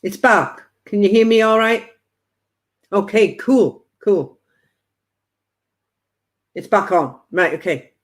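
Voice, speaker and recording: Woman, spiritual medium, live-stream reading, chatty, playful quoted asides, mid-pitched voice. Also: lively intonation, slow, long pauses.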